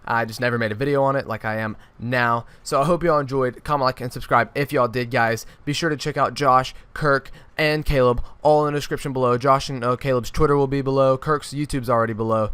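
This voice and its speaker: Animated teen guy telling a story. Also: mid-range voice, a little fast, hardly any pauses, clear, resonant tone, no echo. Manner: animated storytelling with frequent restarts. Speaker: YouTuber. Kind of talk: storytime vlog.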